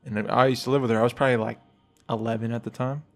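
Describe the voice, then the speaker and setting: A man co-hosting a casual podcast chat, telling a childhood story and getting loud and high-pitched as he relives the fright. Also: racing, vocal fry, faint music behind. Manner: animated, rises high and loud when retelling fright. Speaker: podcast host.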